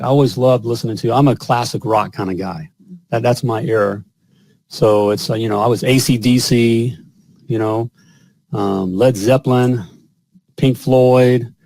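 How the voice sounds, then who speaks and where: A man's voice: mid-range voice, fairly even intonation, normal speed, mellow, no room sound. A man hosting a live online talk show in a folksy, salesy way, repeating himself as he talks. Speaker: host of a live plumbing show. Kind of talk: upbeat live-stream monologue. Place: home studio.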